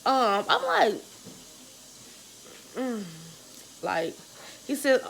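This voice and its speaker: A young woman vlogger telling a story in a casual, animated, slangy and profane way. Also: mid-range voice, moderate pace, a little hiss or hum, poor audio.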